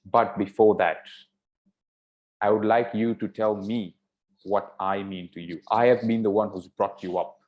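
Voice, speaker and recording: A proud, pompous old king who boasts and makes demands in a low, slow voice, as a male storyteller puts him on. The recording is dull and lo-fi. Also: fairly even intonation, darkish tone, lightly acted. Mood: demanding. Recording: dull lo-fi sound.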